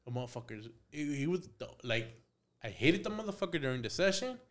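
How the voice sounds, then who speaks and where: A man's voice: fairly high pitch, sing-song, a little fast, fairly bright tone. A man, a tattoo artist guest on a podcast, telling a story casually with lots of swearing and sudden switches into Spanish. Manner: profane, switches into Spanish mid-sentence.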